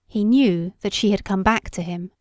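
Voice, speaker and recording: A woman reading a story aloud as an audiobook narrator, in a measured, unhurried way. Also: medium pitch, dry recording, clean studio sound. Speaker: audiobook reader. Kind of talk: scripted narration.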